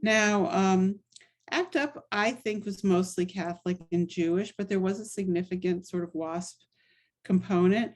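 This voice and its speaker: A middle-aged woman presents her book at a talk. She tells stories in a loose, conversational way, full of asides, at a middle pitch. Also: unhurried. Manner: conversational storytelling with frequent asides.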